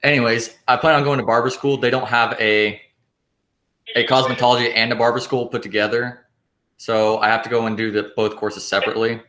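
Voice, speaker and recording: A young man, a graduating student, talking on a video call about his plans in a hesitant, halting way. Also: mid-range voice, steady tone, bright, forceful tone, roomy sound, rough recording. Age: young adult. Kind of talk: casual chat.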